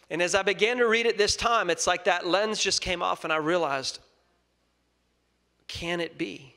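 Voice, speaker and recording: A young man preaching a sermon, earnest, moving between loud emphasis and soft scripture reading. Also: high voice, normal speed. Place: church sanctuary. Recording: long reverb of a large hall.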